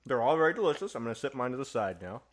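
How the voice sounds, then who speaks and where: A man's voice: mid-range voice, animated, rapid-fire. A man co-hosting a casual podcast chat, joking and teasing his co-host while tasting cookies. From Indiana. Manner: joking, teasing, laughs often. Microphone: headphones and studio mic.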